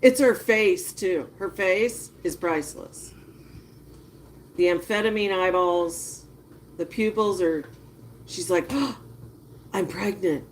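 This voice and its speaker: A woman giving casual live-stream commentary, chatting with viewers and reacting with drawn-out disgust. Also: on the low side, slight background noise. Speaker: livestreamer.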